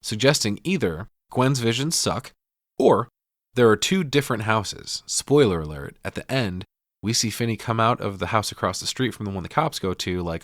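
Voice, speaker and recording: A middle-aged man casually recapping a film, swearing, laughing and slipping into quick impressions. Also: mid-range voice, no echo, studio quality. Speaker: podcast co-host.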